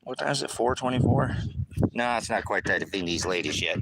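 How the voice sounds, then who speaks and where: Low-voiced man rambling outdoors in wind. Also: expressive, brisk. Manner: rambling, talks to his dogs and hens in a coaxing voice. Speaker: livestream host. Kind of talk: casual livestream chat. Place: outdoors in a yard, windy. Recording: loud wind and outdoor noise.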